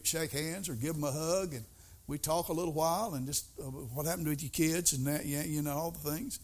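Folksy man preaching a sermon. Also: fairly high pitch. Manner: folksy storytelling, swings from soft to loud.

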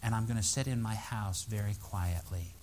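A man voicing a deeply moved grown man who speaks softly, low and quietly. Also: normal speed, slight background noise, close to an everyday voice. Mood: hushed.

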